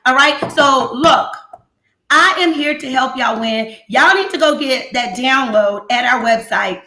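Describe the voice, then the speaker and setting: A woman host with a high, bright voice gives straight, playful business talk, full of slang and repeats. Her voice rings in an echoey room. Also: unhurried. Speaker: accountant hosting a business talk show. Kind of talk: lively casual talk.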